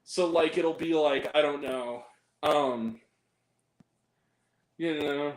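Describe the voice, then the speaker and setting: A man's voice: fairly high pitch, takes it slowly, echoey room. A man hosting a movie review podcast, chatting casually in a rambling, profane way, full of fillers and giggles. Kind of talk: casual chat.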